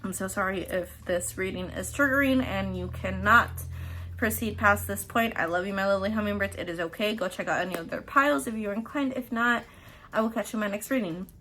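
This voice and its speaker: A woman's voice: mid-range voice, fairly quick, sharp tone, soft background music. A woman hosting a casual pick-a-card tarot reading, chatty and profane, often laughing mid-sentence. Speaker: tarot reader and host.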